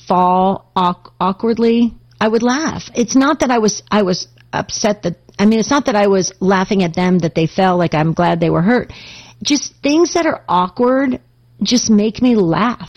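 A woman's voice: mid-range voice, darkish tone, highs cut off. A woman hosting a call-in radio show, chatty and effusive, laughing easily and hard.

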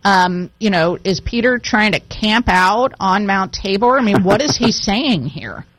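A woman hosts a relaxed conversation, reading scripture aloud before turning to her guest with curious questions. Her voice sits at an ordinary middle pitch. The sound is dry and close, with no room around it. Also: a little slow, no echo, poor audio. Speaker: host.

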